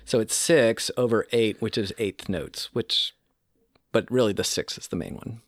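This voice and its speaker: A man's voice: fairly low pitch, measured pace, no echo. A man hosting a podcast interview in a casual, explaining way, counting out beats and laughing easily. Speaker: podcast host.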